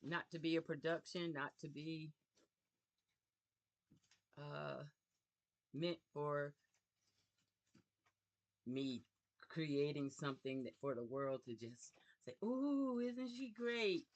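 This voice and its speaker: A woman hosting a casual craft livestream from her home craft room, talking slowly and reflectively to viewers. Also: deep voice, steady tone. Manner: slow, warm, reflective talk to viewers. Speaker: YouTube craft livestream host. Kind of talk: casual live vlog chat.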